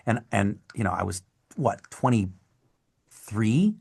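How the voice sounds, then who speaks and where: A man's voice: lowish voice, takes it slowly, vocal fry, slightly rough. A middle-aged man from Canada, a guest actor telling stories in a casual interview and acting out what people said. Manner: animated storyteller, acts out quotes.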